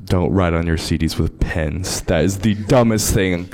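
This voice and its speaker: A man with a very low voice tells a long, funny story on a panel. He is casual and self-mocking, and he laughs at his own bad luck as he talks. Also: measured pace, a little mellow. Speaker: DJ on a convention panel.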